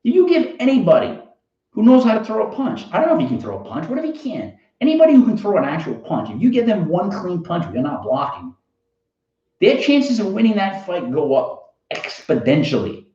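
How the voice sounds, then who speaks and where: A man with a Boston accent rambles through a story as a show host, his pitch swinging up and down with animation. He interrupts himself often and keeps it casual. The recording is roomy and a little dull and lo-fi. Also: wildly swooping pitch, brisk, warm tone. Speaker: host of a fantasy football show.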